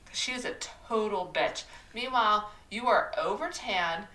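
A woman co-hosting a podcast, chatting casually about a movie, animated and swearing freely while she laughs. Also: medium pitch, measured pace, recorded from a distance. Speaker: podcast co-host. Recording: roomy echo.

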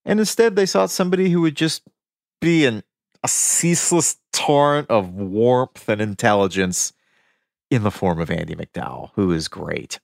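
Male podcast co-host, mid-pitched, very lively and eager, dry close sound. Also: moderate pace, gravelly, no room sound. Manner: animated, enthusiastic, laughs often. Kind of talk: casual film-trivia chat.

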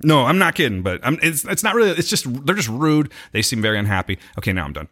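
A young man rambles through a story in casual podcast chat, cursing and laughing as he goes. His voice sits at a middling pitch but swings widely. It has a bright, forceful edge. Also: very animated, quick pace. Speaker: podcast co-host.

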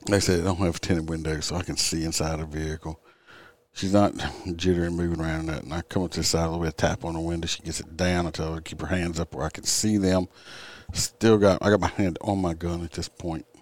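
A man's voice: low-pitched, flat delivery, fast talker. An older man, a police officer, telling a traffic stop story in a blunt, profane, rambling way, tired and yawning. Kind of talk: casual storytelling.

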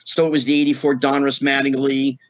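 A man's voice: medium pitch, a little fast, no room sound. A middle-aged man, a guest in a casual interview, telling stories and acting out the voices of the people in them. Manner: animated storyteller acting out quoted voices.

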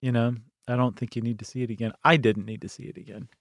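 A man's voice: mid-range voice, flat delivery, quick pace, no room sound, studio quality. A man co-hosting a podcast, giving candid, self-deprecating opinions in casual movie chat. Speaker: podcast co-host.

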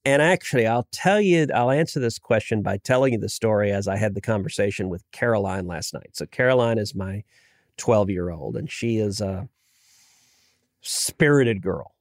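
A middle-aged man and senator, chatting casually in an interview, telling stories with lively restarts. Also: lowish voice, normal speed, dry recording, clean studio sound. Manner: storytelling, animated, frequent restarts. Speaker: senator, guest.

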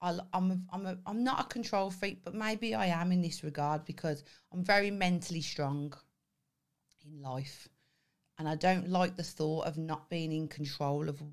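A woman co-hosting a casual podcast tells a wild story, swearing freely. Her voice is lowish and moderately paced, and she animates the tale by acting out voices while laughing.

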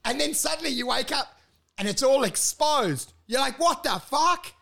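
High bright guy, podcast co-host, acts out silly bits. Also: lively intonation, normal speed, creaky. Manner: acts out mock dialogue with laughs, crude. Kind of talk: comedic riffing chat.

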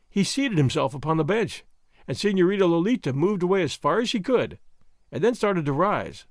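A man narrating an audiobook in a measured storytelling manner. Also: high-pitched, sing-song, dry recording, clean studio sound.

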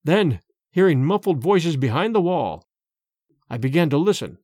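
A man narrating a dark tale. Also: fairly high pitch, big pitch swings, normal speed, no echo, studio quality. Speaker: storyteller. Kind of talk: storybook narration. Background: faint music.

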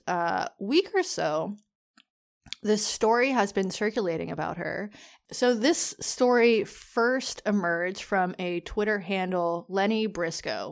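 A woman's voice: lowish voice, vocal fry. A woman co-hosting a podcast, talking in a loose, rambling and chatty way with casual swearing. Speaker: podcast co-host.

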